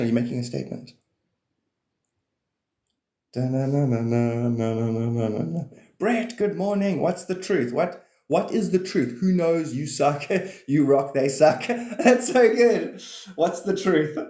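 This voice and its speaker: A man's voice: fairly high pitch, a little fast, hardly any pauses, warm tone, echoey room. A man rambling through casual livestream chat about spirituality, swearing freely and laughing often.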